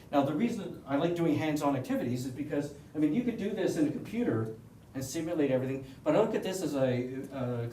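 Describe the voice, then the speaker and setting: A man's voice: a little high, dark tone. A man with a Canadian accent giving a casual, rambling presentation to a club audience, with joking asides and frequent restarts. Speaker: presenter at an astronomy club meeting. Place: meeting room. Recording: echoey room, voice from far off, faint hiss.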